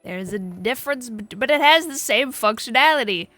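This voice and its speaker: Young female streamer, rambling crude chat, bright voice, light music behind. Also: a little high, lively intonation, normal speed, no room sound.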